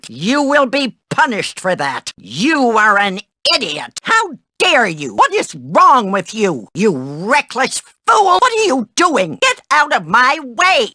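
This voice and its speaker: Prim, power-hungry dorm matron. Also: female voice, medium pitch, pushed and bright, no echo, clean studio sound, heavily acted. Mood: prim scolding. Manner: prim and scolding. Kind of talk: video game voice acting.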